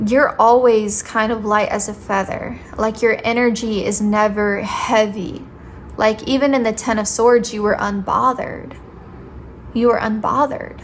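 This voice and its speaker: A woman's voice: a little high, slight background noise. A young woman with a sweet voice giving a casual, playful tarot reading, talking directly to her viewers and saying "like" often. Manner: chatty, playful, says "like" often. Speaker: tarot reader.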